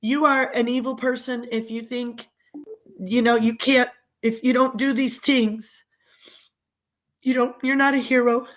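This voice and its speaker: A woman's voice: on the high side, level tone, a little slow. Upset woman ranting on a live stream. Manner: upset, indignant, repeats herself. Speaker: vlogger. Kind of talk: emotional live stream rant.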